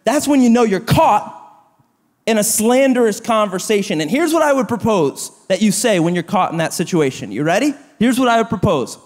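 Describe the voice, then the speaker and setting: A man in his thirties preaching a sermon to a church, animated and self-deprecating, acting out quoted gossip. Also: high voice, a little fast. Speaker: pastor. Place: church auditorium. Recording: long reverb of a large hall.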